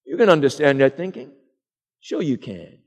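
A man's voice: mid-range voice, big pitch swings, moderate pace. A middle-aged man preaching a sermon in an earnest, rhetorical style, addressing the congregation directly. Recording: long echo of a large hall.

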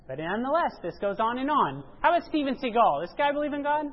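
A woman giving a sermon-style church presentation, emphatic, rising to loud exclamations and dropping low. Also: sing-song, fast talker. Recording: dull lo-fi sound.

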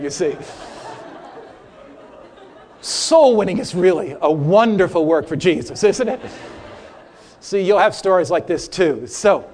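A man teaching an interactive sermon to a church audience, humorous and animated, quizzing listeners for Bible verses. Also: fairly high pitch, normal speed, big-room sound. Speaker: preacher teaching a seminar. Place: church or hall before a live audience.

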